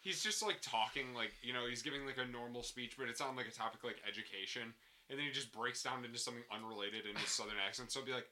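A man's voice: medium pitch, fast, sharp tone, slight background noise. A young man co-hosting a comedy podcast, stammering and laughing through his jokes. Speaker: podcast co-host. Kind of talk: casual comedic banter.

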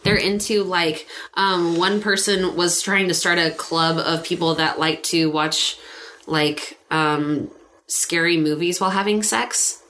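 A woman's voice: fairly low pitch, steady tone, unhurried, fairly bright tone. A woman co-hosting a casual podcast chat, chatty and sharing what she found. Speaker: podcast co-host.

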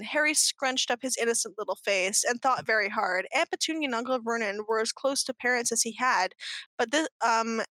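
A woman's voice: a little high, a little fast, bright, forceful tone, no room sound. A woman co-hosting a show, reading fanfiction aloud in a mock-earnest, giggly way. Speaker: podcast co-host.

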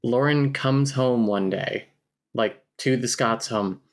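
A man's voice: medium pitch, slow pace. Wry man recapping a story. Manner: wry, reads book quotes aloud, swears casually. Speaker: podcast co-host. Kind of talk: casual book recap chat.

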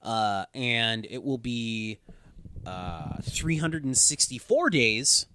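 A man's voice: mid-range voice, takes it slowly, slight background noise. Dry-joking male podcast co-host. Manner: dry, sarcastic, deadpan jokes. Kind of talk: casual banter.

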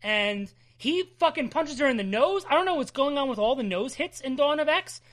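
A woman's voice: high-pitched, normal speed. A woman chatting casually about a comic book issue, swearing often and laughing as she retells scenes. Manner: profane, laughing, animated storytelling. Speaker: comic book podcast co-host. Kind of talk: casual chat recapping a comic.

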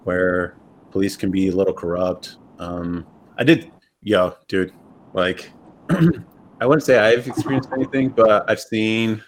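A man's voice: on the low side, fairly even intonation, a little slow, a little hiss or hum. A man hosting a podcast, telling stories in a loose, rambling, profane way with lots of fillers. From upstate New York. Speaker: podcast host. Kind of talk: casual chat.

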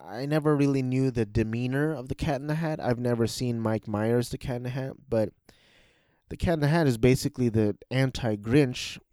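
A man's voice: medium pitch, moderate pace, mellow, no room sound, clean studio sound. A man casually reviewing cartoon specials in a rambling, hesitant way, with frequent restarts.

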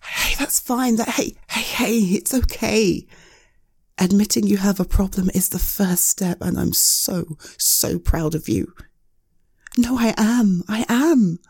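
Young woman playing a gentle partner in an audio role-play: slow, hesitant, soothing, gravelly and dark-toned. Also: medium pitch, dry recording, studio quality.

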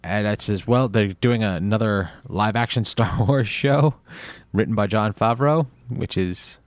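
A man's voice: fairly low pitch, unhurried, dry recording. A man hosting a casual chat, laid-back and laughing often. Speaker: podcast host.

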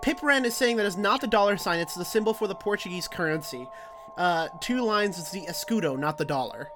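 A man's voice: high voice, lively intonation, fairly quick, over music. A man co-hosting a streamed game playthrough, chatting casually, reacting and laughing often. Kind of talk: casual chat.

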